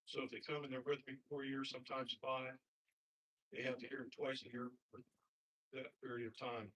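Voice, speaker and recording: A man's voice: mid-range voice, flat delivery, a little fast, a bit bright. A man who coaches basketball giving an earnest commencement speech to graduates, repeating plain advice. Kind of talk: commencement speech with a told story. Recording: husky voice from far off the mic.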